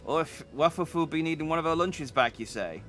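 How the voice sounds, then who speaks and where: A man voicing a gruff, burly male blacksmith sailor who talks in a rough, drawling brogue-like way. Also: on the high side, lively intonation, brisk, fairly bright tone, soft background music, pitched above the performer's own voice.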